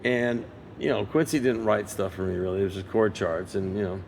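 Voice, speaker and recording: A lower-pitched man in his sixties tells a studio story as an interview guest. He talks in a lively way and slips into other people's voices when he quotes them. A faint hum of the room sits behind him. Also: a little fast, vocal fry. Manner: lively raconteur who acts out others' lines. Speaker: interview guest, session guitarist. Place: museum interview set.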